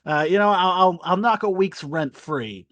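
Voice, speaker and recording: A man's voice: high voice, lively intonation, moderate pace, fairly bright tone, no echo, voice pushed up. A man voicing a scummy but caring male forest landlord who talks in a wheedling, dismissive way. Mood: exasperated.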